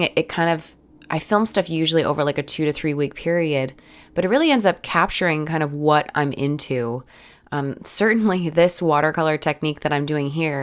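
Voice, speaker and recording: A young woman talks over her art footage in a relaxed, rambling way, full of little restarts and "like"s. Her voice is low and raspy from a head cold. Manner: rambling, casual, many "like"s and restarts. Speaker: art channel host.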